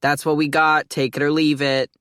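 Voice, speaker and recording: A woman's voice: deep voice, level tone, moderate pace, fairly bright tone, clear, resonant tone, no echo, clean studio sound. A woman voicing a blunt, impatient female postal clerk in an audiobook, curt and dismissive.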